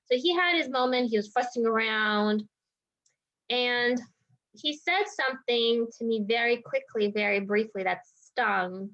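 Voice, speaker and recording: A woman's voice: a little high, a little slow, a bit bright. A woman healer talking through a personal experience in a reflective vlog, circling her thoughts with many "like" and "you know" asides. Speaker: energy healer. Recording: dull lo-fi sound.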